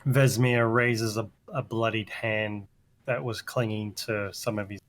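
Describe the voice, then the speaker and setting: A man's voice: lowish voice, steady tone, a little slow, a little hiss or hum. A man playing in an online tabletop game, speaking hesitantly with fillers. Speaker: player. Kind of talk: casual tabletop game chat.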